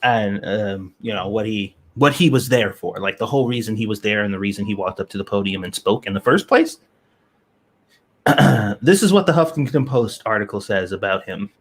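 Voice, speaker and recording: A man's voice: on the low side, expressive, normal speed. Blunt, swearing male stream co-host. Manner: blunt, swears freely when ranting. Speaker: podcast co-host. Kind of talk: casual live-stream chat.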